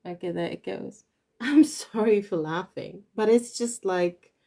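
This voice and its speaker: Woman, card reader, casual chat, giggly, warm mellow tone. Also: medium pitch, measured pace, gravelly. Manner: chatty, giggles often. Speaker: tarot reader. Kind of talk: casual card reading to viewers.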